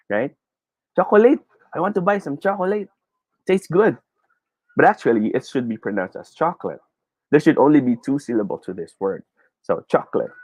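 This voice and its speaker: A man with a Filipino accent leads a live online pronunciation lesson, his voice jumping up and down in pitch as he cheers his viewers on. He reads their comments aloud, laughs easily and slips between English and Tagalog. The sound is dry and close. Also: no echo. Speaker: teacher.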